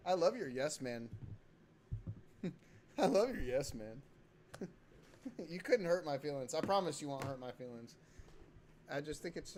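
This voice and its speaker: A young man hosting a casual livestream, swearing often and breaking into loud excited outbursts while he plays a game. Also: on the high side, a little hiss or hum. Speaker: livestream host.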